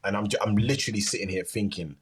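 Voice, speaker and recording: A man's voice: lowish voice, quick pace, husky. A young man co-hosting a casual music reaction, thinking aloud and echoing lines back. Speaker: reaction channel co-host.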